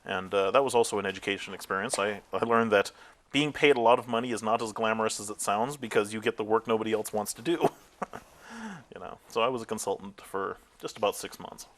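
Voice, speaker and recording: A man's voice: on the low side, brisk, a bit bright. A man interviewed as a tech company founder, telling candid stories about his career with frequent fillers and laughing at himself.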